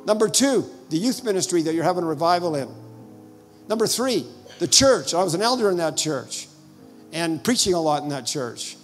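An older man with a high voice preaches, acting out his stories and breaking into sudden loud bursts. Faint music plays underneath him. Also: big pitch swings, normal speed. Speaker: visiting preacher. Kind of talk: sermon with personal stories.

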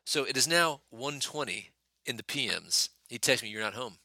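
A man co-hosting a casual podcast, telling animated stories and ribbing his friends playfully. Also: medium pitch, moderate pace, no echo. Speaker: podcast co-host.

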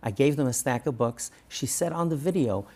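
A man's voice: medium pitch, brisk. A man who is a rabbi, talking earnestly in an interview and often acting out the words of parents and coaches. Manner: earnest, animated, acts out parents and coaches in quoted speech. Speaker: rabbi and guest. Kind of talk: conversational interview.

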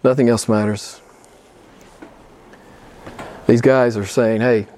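A middle-aged pastor preaching a sermon, emphatic and questioning his congregation, jumping high in pitch when he quotes people. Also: a little slow, a little mellow, a little hiss or hum. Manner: emphatic, rising high when quoting others.

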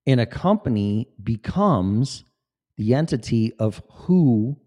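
Man in his fifties, mellow voice, swings up and down a lot, swears freely, rambling vlog monologue. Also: mid-range voice, expressive, slow. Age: 50s. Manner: profane, emphatic, digressive. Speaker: vlogger.

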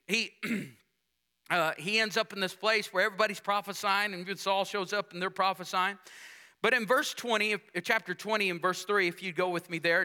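A man's voice: high voice, bright, forceful tone, clear, resonant tone. A man preaching a sermon, reading scripture aloud and asking the congregation rhetorical questions. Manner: reads scripture aloud with dramatic emphasis.

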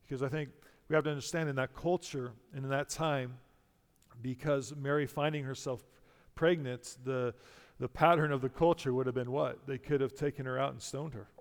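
A man's voice: medium pitch, fairly even intonation, moderate pace, long reverb tail. A man preaching a sermon to a congregation, emphatic and full of rhetorical questions. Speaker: pastor.

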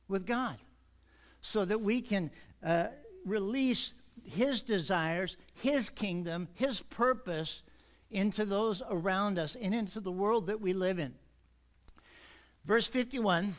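A man with a notably high voice delivers a church sermon. He eases in with light jokes and casual asides, then slows right down to lean on the key words. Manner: warms up with jokes, easygoing asides. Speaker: pastor. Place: church sanctuary.

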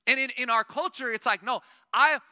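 A man's voice: very high-pitched, normal speed, bright, forceful tone, clear, resonant tone, no echo, big-room sound. A man preaching a sermon as pastor of his church, earnest and conversational, rising to emphatic peaks. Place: church sanctuary.

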